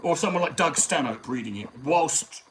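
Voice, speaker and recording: Man, comedian hosting a live stream, casual chat, swearing, rambling, slightly high voice. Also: expressive, moderate pace, fairly bright tone, a little hiss or hum, poor audio.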